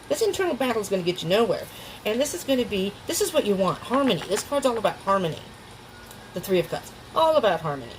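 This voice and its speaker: A woman's voice: mid-range voice, big pitch swings, fast, poor audio. Woman doing a tarot reading at home, chatty, laughs a lot, faint hum behind. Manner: chatty, emotional, laughs often, restarts sentences. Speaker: tarot reader.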